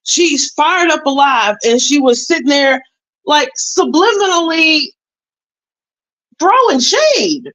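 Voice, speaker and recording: Woman with a somewhat high voice, emphatic. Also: unhurried, fairly bright tone, rough recording. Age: adult with a son. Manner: emphatic, repetitive, conversational. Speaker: YouTube commentator. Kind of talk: casual storytelling to viewers.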